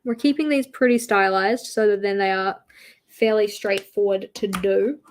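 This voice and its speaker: An Australian woman hosts a livestream, drawing while she chats casually, laughs and reads out viewer comments. Her voice has a medium pitch, a steady tone and a normal speed.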